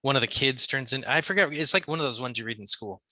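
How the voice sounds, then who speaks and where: A man's voice: medium pitch, quick pace, bright, forceful tone, no echo. A man co-hosting a podcast, chatting casually and cracking jokes. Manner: joking, puts on silly voices. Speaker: podcast co-host. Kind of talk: casual chat.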